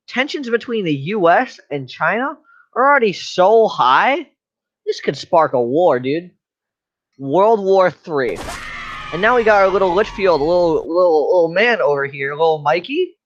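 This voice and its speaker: A man's voice: high-pitched, sing-song, measured pace, no room sound, highs cut off. A man giving a joking class presentation in a slangy, rambling, mock-serious way. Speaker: student presenter.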